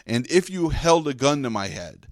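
A man's voice: medium pitch, expressive, moderate pace, dry recording, studio quality. A man hosting a podcast in casual chat, rambling and joking at his own expense. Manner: rambling, self-deprecating joker. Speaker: podcast host.

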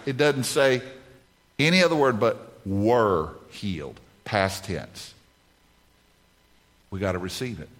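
Lower-voiced man preaching with emphatic repetition. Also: animated, a little slow, fairly bright tone. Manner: emphatic, repeats phrases for emphasis. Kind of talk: sermon. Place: conference stage.

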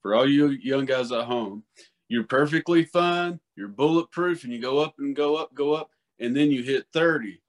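A man in his thirties hosts a loose, casual chat. He rambles and swears freely, telling his stories with animated energy. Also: medium pitch, moderate pace. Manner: profane, rambling, animated storytelling. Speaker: podcast host.

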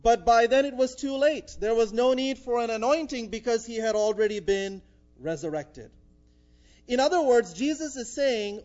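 A man's voice: very high voice, unhurried, a little mellow, lo-fi sound. A man preaching a sermon in a conversational way, with frequent "uh" fillers. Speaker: pastor.

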